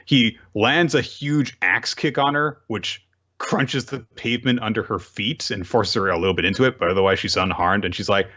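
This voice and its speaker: A man co-hosting a casual manga recap podcast, telling the story with lively retellings of the characters' lines. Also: fairly low pitch, moderate pace, muffled recording. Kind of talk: casual chapter recap chat.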